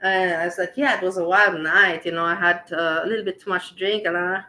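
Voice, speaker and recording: A woman casually telling a personal story to her viewers, animated and laughing as she acts out the dialogue. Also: lowish voice, brisk, poor audio.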